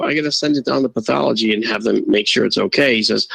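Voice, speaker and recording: A man guest telling a casual, animated story and acting out the quoted voices. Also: medium pitch, fairly quick, vocal fry, husky, no echo, poor audio. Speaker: guest, astronomer and photo-video analyst.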